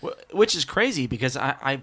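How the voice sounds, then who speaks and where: Co-host, male, bright and tense tone, lively pitch, excitable. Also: brisk, slightly rough. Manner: excitable, says dude and man. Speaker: podcast co-host. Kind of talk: casual movie discussion.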